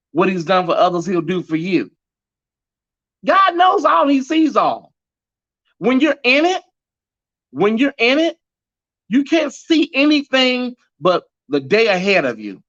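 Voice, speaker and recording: A man with a high, bright voice hosts a live stream show and preaches to his viewers with sass, calling them girl and honey. He sounds a little nervous. The audio is muffled and lo-fi. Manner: sassy, sermon-like, calls viewers y'all, girl and honey. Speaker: host of a live pop culture show.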